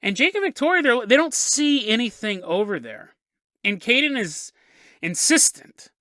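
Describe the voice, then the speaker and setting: A man hosts a podcast and tells a story in a loose, jokey way, wandering into asides. His voice is bright and lively, and his pitch moves a lot. The sound is dry and close, with no room around it. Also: moderate pace, dry recording. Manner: jokey, rambling, laughs at his own asides. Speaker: podcast host.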